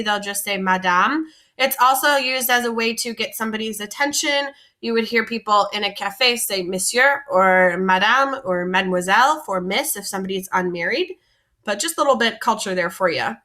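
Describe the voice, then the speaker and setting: A woman's voice: medium pitch, moderate pace, pushed and bright. A woman teaching French vocabulary in a patient, explanatory lesson, often recapping and repeating terms.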